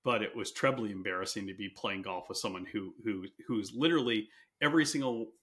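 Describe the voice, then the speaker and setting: A male podcast host with a low but bright, forceful voice. He speaks earnestly in an easy conversation, often restarting his phrases as he goes. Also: fairly quick.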